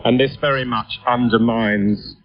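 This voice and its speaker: A man's voice: mid-range voice, steady tone, unhurried. A man, a regional editor, explaining events on radio news with frequent hesitations. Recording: muffled shortwave radio broadcast.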